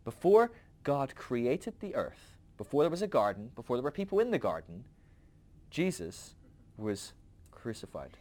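A man's voice: mid-range voice, very animated, normal speed, darkish tone. A man hosting a podcast, talking through a rambling, conversational philosophical monologue with frequent asides to the listener. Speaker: podcast host.

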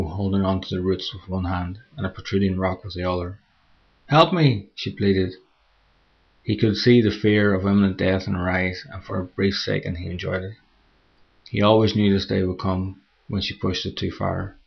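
Deep gravelly male horror narrator. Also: highs cut off. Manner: slow, measured reading. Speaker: podcast host and story narrator. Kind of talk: scripted story narration.

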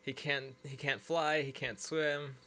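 A man's voice: mid-range voice, level tone, measured pace, pushed and bright. A man co-hosting a podcast, chatting casually and jokingly about a movie, with lots of "like". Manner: chatty, heavy use of "like", jokey. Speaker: podcast co-host.

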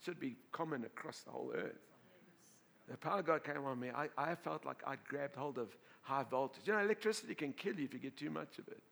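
A fast-talking male pastor with a gravelly, medium-pitched voice tells a lively story during his sermon to the congregation. He laughs and keeps repeating and restarting his words.

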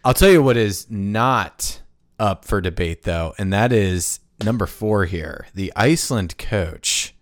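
A man's voice: lowish voice, slow pace, dry recording. Guy hosting a podcast, jokey and sweary, dry close studio mic. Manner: animated, joking, swears freely. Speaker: podcast host. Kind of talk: casual podcast chat. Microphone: studio microphone.

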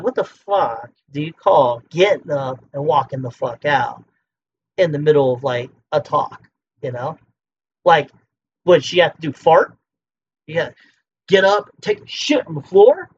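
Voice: medium pitch, expressive, moderate pace, a little hiss or hum. A drunk podcast host in a heated, profane solo rant. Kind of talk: solo ranting monologue. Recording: muffled lo-fi with faint clicks.

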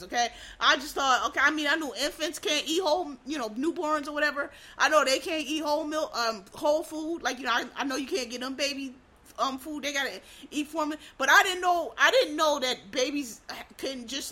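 A woman ranting in a blunt, heated comedic style, swearing constantly and swinging between loud outbursts and low muttering. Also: husky. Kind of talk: profane comedic rant.

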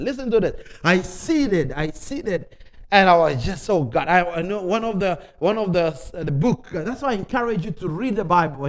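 A man preaches his own testimony in broken, non-native English, moving between hushed low stretches and loud excited bursts. His voice sits a little higher than most men's and moves around a lot as he tells the story. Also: rough recording. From Africa. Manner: animated storytelling, swings from quiet to loud. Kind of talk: sermon testimony.

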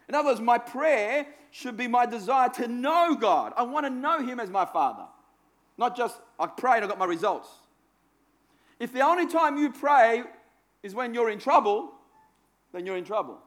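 A man's voice: extremely high pitch, a bit bright. A man preaching a sermon in a conversational, self-deprecating way, repeating phrases for emphasis. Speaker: pastor.

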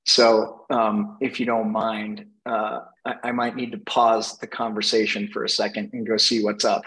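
A man coaching and telling stories in a relaxed panel conversation, thoughtful, with frequent light laughs. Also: on the low side, normal speed, rough recording. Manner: reflective, laughs often, restarts phrases. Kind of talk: conversational storytelling in a panel talk.

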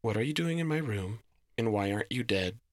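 A man's voice: fairly low pitch, expressive, fairly quick, no room sound, clean studio sound, natural voice. A man voicing a frightened young woman who stammers and panics. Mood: bewildered.

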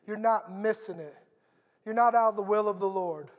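A man's voice: sits high, normal speed. Earnest preacher man in a reverberant hall. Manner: earnest, conversational storytelling. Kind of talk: sermon.

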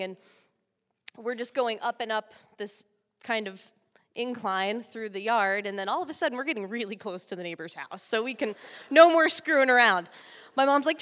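Woman from Texas, lively stage storyteller, laughs through it, bright tone, long hall reverb. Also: medium pitch, smooth. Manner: animated, laughing often. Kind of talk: live comic storytelling.

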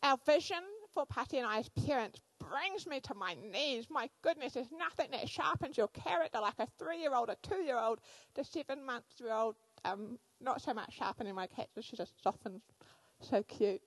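A woman in her thirties, a church speaker giving a sermon, telling animated personal stories with frequent fillers. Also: a little high, normal speed, hardly any pauses, dry recording, rough recording.

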